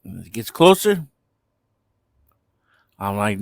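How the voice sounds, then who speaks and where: A man's voice: medium pitch, big pitch swings, measured pace, long pauses, fairly bright tone, no echo. A young man telling a party story in a laid-back, slangy way. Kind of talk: casual storytime vlog.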